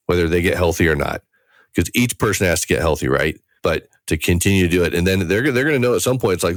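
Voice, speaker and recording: Male interventionist guest, deep voice, animated and sincere, dry studio sound. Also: fast, no room sound. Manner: earnest, animated, acts out quoted family members. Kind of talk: conversational interview answer.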